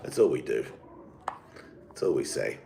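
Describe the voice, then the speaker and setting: A man's voice: a bass voice, expressive, normal speed, creaky, heavy background noise. A man, hosting his podcast and telling a rambling, profane story in a casual monologue. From Australia. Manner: rambling, swearing, laughs often. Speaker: podcast host.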